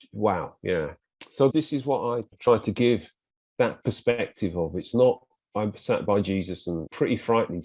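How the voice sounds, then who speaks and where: An English man with an English accent, a guest in an interview, telling a personal story in a lively way and acting out what other people said to him. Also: lowish voice, dry recording. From England. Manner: animated, acts out quoted speech of others.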